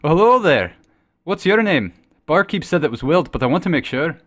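A man voicing a loud, eager male druid adventurer raised in the forest, speaking up over a noisy tavern. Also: fairly high pitch, big pitch swings, normal speed, no echo, clean studio sound, pitched above the performer's own voice. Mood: boisterous.

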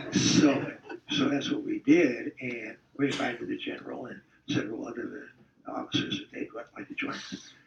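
Gravelly older man telling old stories. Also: medium pitch, moderate pace, slight background noise. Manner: rambling, salty, chuckling storyteller. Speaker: former football player recalling the past. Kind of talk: casual storytelling interview. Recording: distant, roomy, dull-sounding recording.

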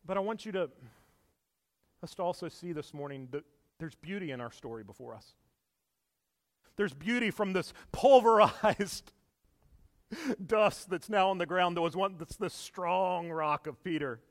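A high-voiced pastor delivers an earnest, emphatic church sermon, sinking to a hush before rising loud again. Animated yet unhurried, he takes long pauses, stumbles, repeats words, and laughs softly at times. A long reverb carries his voice through a large, echoey hall.

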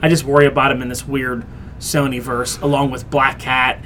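A man's voice: mid-range voice, flat delivery, moderate pace, fairly bright tone, a little hiss or hum. A man hosting a casual podcast chat, opinionated and rambling, often restarting his sentences. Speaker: podcast host.

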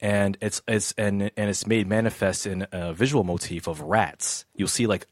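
Halting man reviewing a film. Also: lowish voice, no room sound, clean studio sound. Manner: halting, repeats words, laughs often. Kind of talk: casual chat.

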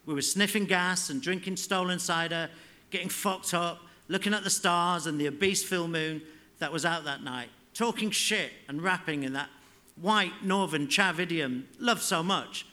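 A man reading his fiction aloud at a live literary event, in a measured, unhurried way. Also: high voice, pushed and bright. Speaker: author reading.

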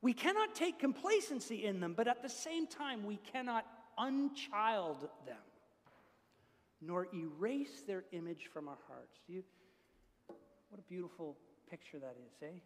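A man's voice: high voice, big pitch swings, a little slow. A man preaching a sermon as pastor, earnest and building to emphatic peaks. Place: church. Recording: long reverb of a church hall.

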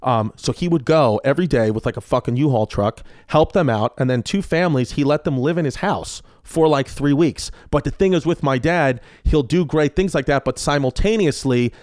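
A comedian guest telling stories in casual chat, animated and profane, acting out quotes. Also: male voice, medium pitch, normal speed, few pauses, dry recording, clean studio sound. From New York. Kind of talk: casual storytelling.

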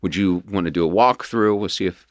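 A man's voice: low-pitched, brisk, no echo, clean studio sound. A man talking candidly about his past in an open, self-deprecating way, as a guest in conversation.

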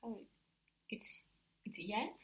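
Slow hesitant woman learner, off-mic. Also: distant mic. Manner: hesitant, trying out answers. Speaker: language student. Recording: voice from away from the mic.

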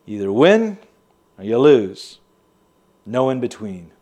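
A bitter, wry son unloads his family history in an audio drama monologue, played by a man. He sounds confiding and sardonic, with a mid-pitched voice. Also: very animated, unhurried, mellow. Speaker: narrating character.

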